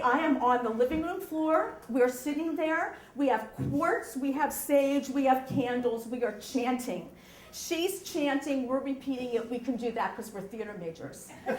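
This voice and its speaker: A woman telling a true story live on stage, animated, often checking in with the audience. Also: high-pitched, roomy sound.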